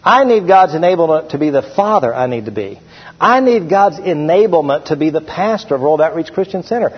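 A middle-aged man preaching a sermon as pastor, slowing down and stressing the scripture verses he reads aloud. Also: fairly high pitch, sing-song, slightly rough. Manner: preaching with slowed, emphatic scripture reading. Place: church sanctuary. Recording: dull, hall-echoed church recording.

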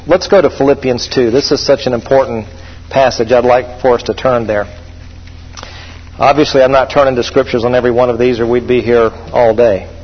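A husky middle-aged man preaches to his congregation, driving his points home and calling for the crowd to answer back. His voice rings through a church hall with long reverb, captured on a dull, muffled recording. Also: medium pitch, steady tone, normal speed. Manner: preachy, emphatic, calls out to the congregation. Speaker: pastor. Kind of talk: sermon.

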